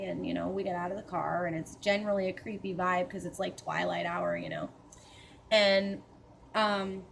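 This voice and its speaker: A woman's voice: medium pitch, slight background noise. Woman, casual storyteller, profane and chatty, skeptical edge, mid-range voice. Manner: chatty and profane, with many fillers and asides; mildly skeptical, matter-of-fact. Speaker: storyteller recounting a paranormal experience.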